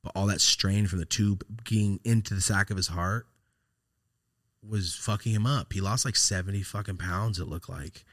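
A man's voice: low-pitched, moderate pace, no room sound, clean studio sound. A man, casually telling a story on his podcast, swearing and laughing as he talks. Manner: profane, animated, laughs while telling. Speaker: podcast host.

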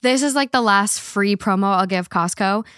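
A woman's voice: medium pitch, fairly bright tone, smooth, no echo. Young woman, podcast host, chatty, playful, dry room. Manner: chatty, playful, quick asides. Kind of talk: casual chat.

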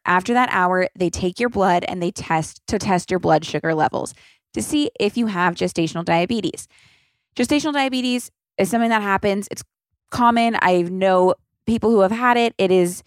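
A woman's voice: on the low side, no room sound, clean studio sound. A woman around thirty hosting a casual solo podcast, rambling and chatty with lots of filler words and casual swearing. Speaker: podcast host.

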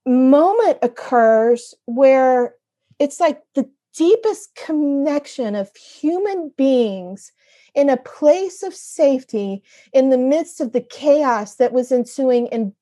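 Earnest higher-voiced woman telling a story. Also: lively intonation, dark tone. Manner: earnest, emotional, halting with restarts. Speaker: podcast guest. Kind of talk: heartfelt personal storytelling.

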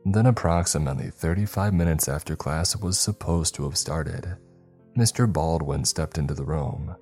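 A man narrating a scripted horror story in a measured, storytelling manner. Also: very deep voice, a little mellow, slightly rough, soft background music.

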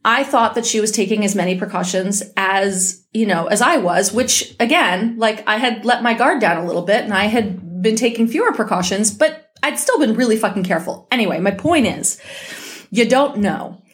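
A woman's voice: mid-range voice, lively intonation, normal speed. A woman hosting her own podcast from home, talking in a blunt, heated and profane way, still recovering from an illness. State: recovering from illness, may cough. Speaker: podcast host. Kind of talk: casual solo podcast monologue.

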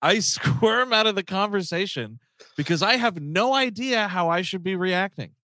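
Animated bright-voiced man reading a story. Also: sits high, normal speed, no echo. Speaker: podcast co-host reading a listener story. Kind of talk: casual comedic podcast chat.

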